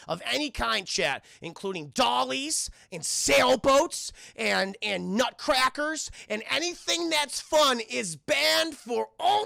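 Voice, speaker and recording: Gravelly, excitable young male streamer. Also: high voice, no echo, studio quality. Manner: profane, excitable, keeps addressing chat. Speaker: streamer reviewing a film. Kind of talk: casual livestream commentary.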